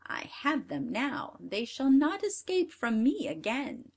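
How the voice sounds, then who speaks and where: A woman's voice: medium pitch, huge pitch swings, slow, fairly bright tone, breathy edge, full character voice. A woman voicing a cruel, greedy old witch in a storybook reading, sneering and barking harsh commands.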